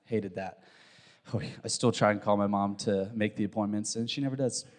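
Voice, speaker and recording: A man preaching a sermon, reading a long scripture passage aloud with lively storytelling and asides to the congregation. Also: lowish voice, brisk. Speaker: pastor. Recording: long hall reverb.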